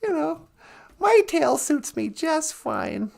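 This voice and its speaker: A woman playing a breezy, friendly male crow in a spoken folk tale. He talks casually and contentedly in a high voice, slow and a little gravelly. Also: very animated, darkish tone, exaggerated voice.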